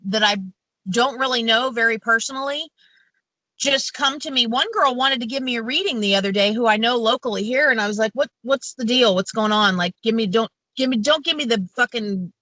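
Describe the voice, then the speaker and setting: A woman's voice: fairly high pitch, a little fast, sharp tone, no room sound, poor audio. A woman chatting casually as a podcast guest, blunt and sweary, laughing often. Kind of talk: casual chat.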